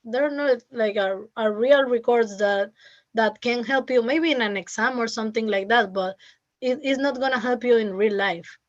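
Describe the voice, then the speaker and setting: A young woman from Venezuela with a Venezuelan Spanish accent, speaking English as a second language, talking haltingly in a casual interview with many restarts and fillers. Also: a little high. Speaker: interview guest, former student. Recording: muffled lo-fi call audio.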